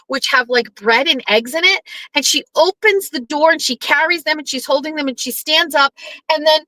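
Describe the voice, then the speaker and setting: A woman hosting a casual commentary show, telling stories in an animated way, acting out quotes and swearing bluntly. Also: high voice, no room sound, rough recording. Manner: animated storyteller who acts out quoted lines, blunt and profane. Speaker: podcast host.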